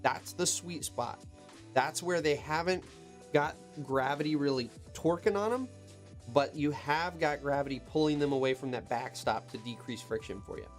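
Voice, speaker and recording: Speaking at a moderate pace in a fairly high voice, this heavy equipment operator runs a laid-back live-stream Q&A. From his cab, with soft music in the background, he reads viewers' comments aloud and offers easygoing, conversational tips.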